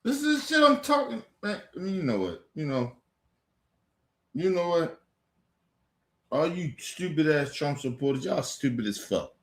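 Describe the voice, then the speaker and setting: A man rants angrily, swearing nonstop and hammering the same points over and over. His voice sits fairly high and he drags his words out slowly. The sound bounces around a hollow, echoey room. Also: very animated. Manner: heated, repetitive, swears constantly, rising to near-shouts then dropping low. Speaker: streamer ranting on camera. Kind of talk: angry profane rant.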